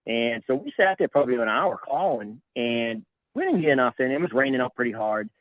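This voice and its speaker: A man's voice: medium pitch, a little fast, dry recording. Middle-aged man telling stories over a tinny line. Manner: animated, acts out quoted voices. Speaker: guest. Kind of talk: casual storytelling. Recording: tinny phone-like line, dry.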